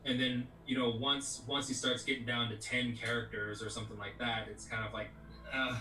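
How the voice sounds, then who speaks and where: Bright-voiced man rambling in a roomy echo. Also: medium pitch, brisk, a little hiss or hum. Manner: rambling, peppered with "you know what I mean". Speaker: voice actor guest. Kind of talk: casual interview chat. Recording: roomy echo, distant from mic.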